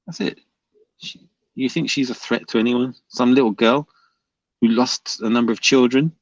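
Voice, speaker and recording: A man's voice: medium pitch, steady tone, moderate pace, no room sound, highs cut off. A man streaming live, reading viewer comments aloud and arguing back, repeating his questions at the commenters.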